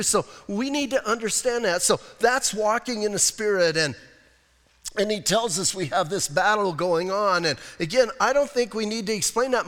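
High-voiced man preaching in a reverberant hall. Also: fairly bright tone. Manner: plainspoken, casual, self-deprecating. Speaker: pastor. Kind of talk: conversational sermon. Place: church sanctuary with congregation. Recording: long reverb of a church hall.

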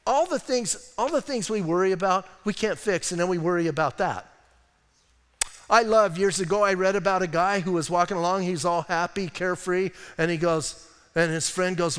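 A man preaching a sermon as a pastor, telling stories with lively, acted-out quotes. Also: sits high, moderate pace, smooth. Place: church hall. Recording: long hall reverb.

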